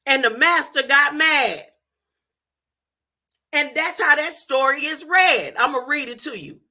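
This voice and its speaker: A woman's voice: high-pitched, expressive, a little slow, pushed and bright. A woman hosting a podcast, teaching scripture informally in a conversational way and retelling the story in her own words. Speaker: podcast host.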